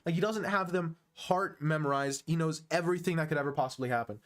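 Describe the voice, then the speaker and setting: Here's a young American man, twenty-one, breaking down chess on a stream with a voice on the high side, quick and a bit bright. His chatter is casual, full of teasing jokes aimed at viewers and frequent chuckles.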